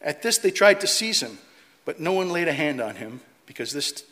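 Male preacher, middle-aged, animated sermon delivery, echoing hall. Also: on the high side, normal speed. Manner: animated, mocking quoted voices, reading scripture aloud. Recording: long hall reverb.

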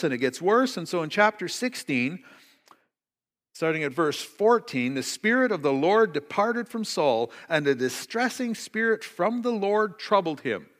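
A middle-aged man preaches a sermon, retelling a story with animated asides and an occasional joke. His voice sits a little high for a man. The sound carries a long reverb, as in a church sanctuary. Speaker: pastor. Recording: reverberant hall.

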